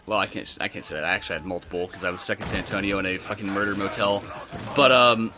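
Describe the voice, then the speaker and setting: A man's voice: fairly low pitch, fairly even intonation, fast talker, sharp tone, a little hiss or hum. A young man, telling rambling, profane stories while gaming with friends. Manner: rambling, profane storytelling with laughs. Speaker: gamer chatting with friends. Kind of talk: casual gaming chat.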